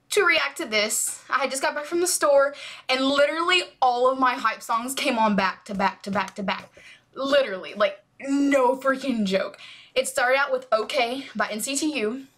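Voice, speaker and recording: A woman hosting a music reaction video, gushing and animated, breaking into squeals and whispers while wearing headphones. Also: high voice, normal speed. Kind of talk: excited music reaction chat.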